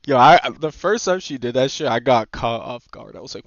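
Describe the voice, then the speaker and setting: A young man streaming a game, chatting casually with teammates, excitable, swearing and laughing often. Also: mid-range voice, normal speed, no echo. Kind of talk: casual gaming chat with teammates. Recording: slightly muffled dry stream mic.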